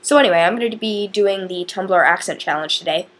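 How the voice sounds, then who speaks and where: A woman's voice: medium pitch, brisk, fairly bright tone. A teenage girl from northern Indiana chatting to camera in a rambling, casual way with lots of fillers. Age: teens. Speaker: vlogger.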